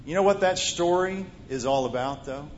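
Preacher man in an echoey church. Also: normal speed. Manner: swings from loud emphatic to soft, hushed storytelling. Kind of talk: sermon with storytelling. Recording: roomy muffled hall recording, faint rumble.

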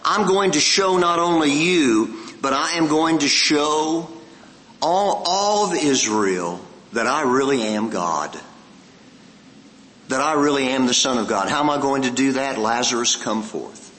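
A man's voice: medium pitch, sharp tone, in a large hall, poor audio. A man preaching a morning sermon, earnest and conversational, asking the congregation questions and repeating lines for emphasis.

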